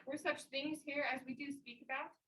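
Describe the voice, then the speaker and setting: A woman's voice: sits high, steady tone, normal speed, fairly bright tone. A woman reading the part of a wary, questioning nobleman aloud in class, plainly and with small restarts. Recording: far-off mic in echoey classroom.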